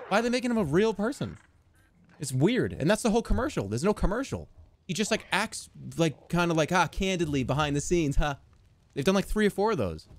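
A man streaming a strategy game, excitable and swearing, yelling commands at his units. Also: fairly high pitch. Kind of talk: live gameplay commentary.

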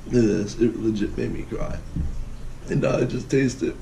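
A man's voice: on the low side, moderate pace, vocal fry. A man chatting casually through a taste-challenge vlog, exclaiming and groaning at what he tries. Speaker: vlogger. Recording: echoey room with loud background noise.

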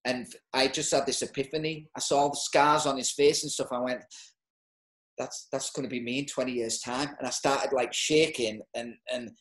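A man in his forties with a Teesside accent, telling a personal story as an interview guest in a halting, emotional way with many restarts. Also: mid-range voice, steady tone, fairly bright tone, roomy sound. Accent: Teesside English. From North East England. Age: 40s.

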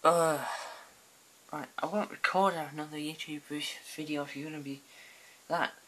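A woman chatting casually while playing a game, in a dry, deadpan way. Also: low voice, normal speed, a little hiss or hum. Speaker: gamer.

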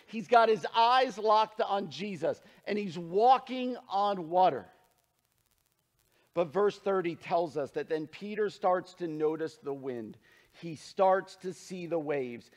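A man preaching a sermon as pastor, earnest and emphatic, dropping low and soft when he turns to scripture.

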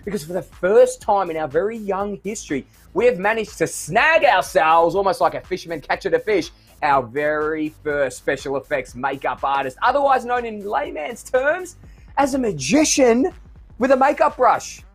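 A man's voice: high voice, lively intonation, normal speed, breathy edge. A man hosting an online show in a playful, theatrical, jokey way. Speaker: host.

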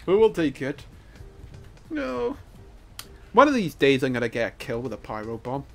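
A gameplay commentator talks casually while playing, joking and excitable, with sing-song asides. The pitch swings widely and brightly from line to line. Soft game music runs underneath. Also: fast talker.

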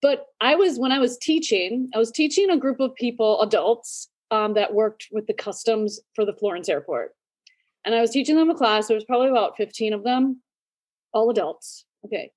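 Chatty higher-pitched woman host. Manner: lively storyteller, laughs often, quick asides. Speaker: podcast host. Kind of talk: casual chat.

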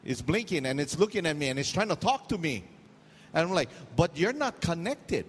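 A middle-aged Hawaiian-accented pastor preaches, mixing jokes and pidgin asides into a story-driven sermon. His voice sits a bit high for a man. The sound carries a long reverb and faint ambience from the hall. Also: animated, a little fast, a little hiss or hum.

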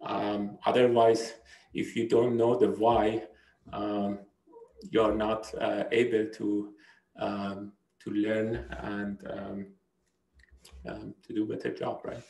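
A man's voice: on the low side, level tone, slow, creaky, darkish tone, echoey room, poor audio. A man giving a university lecture, hesitant, with many fillers and restarts, often checking in with "right?". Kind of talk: recorded lecture.

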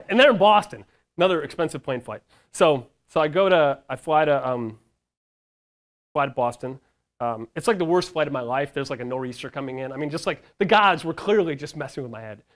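A man with a fairly high voice tells a story in a casual conference talk. He is lively, acts out the people in his tale, and fills pauses with plenty of ums. He swears now and then. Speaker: founder speaking to startup founders.

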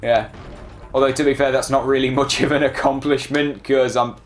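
A man's voice: medium pitch, moderate pace, soft background music. Chatty man playing a game. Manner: chatty, excitable, self-deprecating, talks to the game. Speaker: let's play gamer. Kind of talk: casual gameplay commentary.

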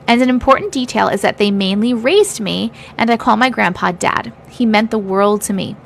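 Reading viewer stories with feeling on her livestream, a woman pauses to react and bluntly teases the chat. Her voice is medium-pitched and creaky, with a little hiss or hum in the audio.

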